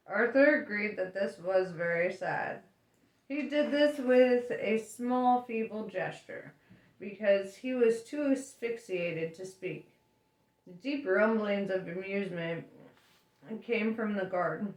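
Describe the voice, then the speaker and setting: Slow, chatty woman reading aloud. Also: medium pitch. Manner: chatty and relaxed, laughing between lines. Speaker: audiobook reader. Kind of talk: casual audiobook reading. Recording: roomy echo.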